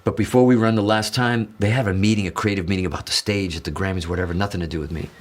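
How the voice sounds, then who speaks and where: A man from the Azores telling an excited, rambling story as a guitarist guest, swearing and acting out quotes. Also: low-pitched, very fast, music in the background. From Azores, Portugal. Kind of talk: animated storytelling in an interview.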